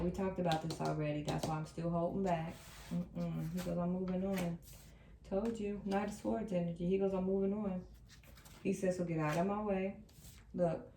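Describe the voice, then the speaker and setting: A woman reading tarot cards for her viewers, repeating the messages she channels with emphatic, animated delivery. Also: on the low side, vocal fry, slight background noise. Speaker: tarot reader. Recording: echoey room, a bit distant from the mic.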